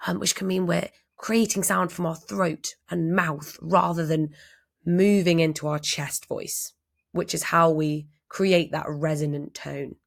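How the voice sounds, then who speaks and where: A woman speaking as a voice and presentation coach, calm and measured as she explains. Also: low-pitched, vocal fry. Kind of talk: instructional explainer.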